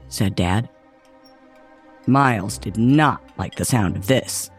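Slow, expressive male storybook narrator. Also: lowish voice, soft background music. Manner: expressive, measured. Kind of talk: scripted children's story narration.

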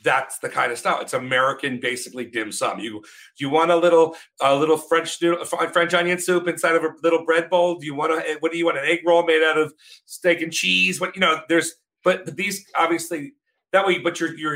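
A man's voice: fairly high pitch, brisk, bright, forceful tone, low-quality recording. A man, a restaurateur guest, talking emphatically and joking in a casual panel chat.

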